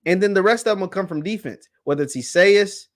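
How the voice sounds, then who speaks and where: A man with a high voice hosts a casual sports talk show. He speaks emphatically and repeats phrases to drive his points home. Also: a little fast.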